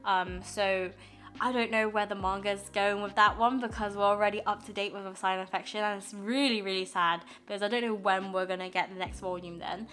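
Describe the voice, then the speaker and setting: A woman's voice: mid-range voice, steady tone, fairly quick, a bit bright, faint music behind. A young woman chatting casually through a manga haul, gushing and filling with lots of ums and likes. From United Kingdom. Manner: chatty and gushing, many fillers. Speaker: manga vlogger.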